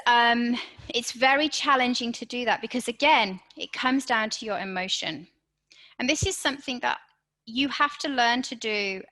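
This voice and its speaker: A low-quality recording captures a woman with a fairly high, bright and forceful voice presenting a live webinar. She addresses her audience head-on, stays encouraging, and checks in frequently with "okay?"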